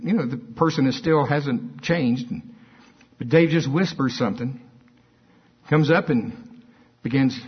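A man preaching a sermon, telling stories and slipping into lively voices for quoted people. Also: medium pitch, breathy edge. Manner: storytelling, animated voices for quotes, chuckling asides. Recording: dull lo-fi sermon recording.

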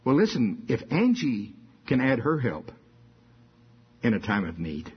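A man's voice: mid-range voice, big pitch swings, a little slow, husky. An older man preaching a sermon in a folksy storytelling manner, building to emphatic bursts. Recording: dull lo-fi sound.

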